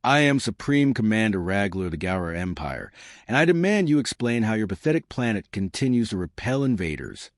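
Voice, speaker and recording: A man's voice: on the low side, big pitch swings, brisk, no echo, clean studio sound. A man voicing a pompous defeated alien commander. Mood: indignant. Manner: indignant, blustering.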